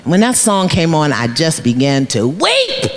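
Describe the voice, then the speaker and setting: A woman's voice: low-pitched, huge pitch swings, moderate pace. A middle-aged woman, a life coach, giving a storytelling motivational speech in a preacherly way, repeating phrases for emphasis and laughing often. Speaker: keynote speaker, life coach. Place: large luncheon hall.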